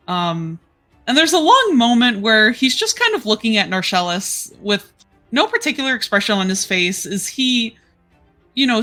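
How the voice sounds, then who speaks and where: Speaking at a medium pitch, a woman narrates scenes as a tabletop game master, laid-back and full of filler words.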